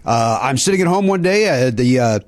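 A man's voice: medium pitch, animated, fairly quick. A man hosting a comedy podcast, telling rambling anecdotes full of fillers and restarts. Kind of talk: casual chat, telling anecdotes.

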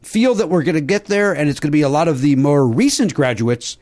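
A man's voice: on the high side, lively intonation, fairly quick, a little mellow, no echo. Rambling middle-aged man hosting a podcast. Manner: rambling, self-deprecating, lots of uh fillers. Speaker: podcast host. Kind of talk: casual comedy podcast chat. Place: podcast studio.

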